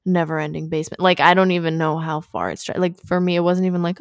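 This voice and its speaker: A woman's voice: on the low side, quick pace, no echo, clean studio sound. A young woman co-hosting a podcast, chatting loosely about a film, rambling and often restarting her sentences. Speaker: podcast co-host. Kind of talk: casual chat recapping a film.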